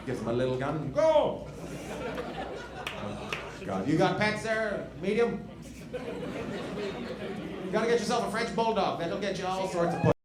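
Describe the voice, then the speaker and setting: A man's voice: lively intonation, moderate pace, pauses often. Profane man riffing with a laughing crowd. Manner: teasing, profane, swings from low mutters to shouting. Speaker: stand-up comedian doing crowd work. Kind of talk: stand-up crowd work. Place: comedy club stage. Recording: echoey club with loud crowd noise. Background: loud laughing audience.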